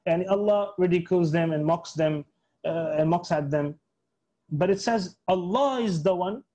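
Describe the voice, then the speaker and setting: A man teaching a Quran tafsir class online, explaining slowly in English mixed with Arabic terms, with many fillers and self-corrections. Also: a little high, a little mellow, low-quality recording.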